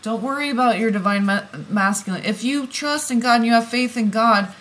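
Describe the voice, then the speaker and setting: A woman giving an oracle card reading, musing softly and then bursting into heated, swearing rants. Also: a little high, a little fast. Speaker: tarot reader.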